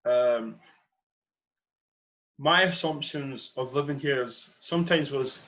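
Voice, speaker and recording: The recording is muffled with a little hiss or hum, and the speaker, a young podcast host from Edinburgh, Scotland, goes slowly in a mid-range, slightly bright voice. His earnest conversational monologue is passionate, with key points stressed and repeated.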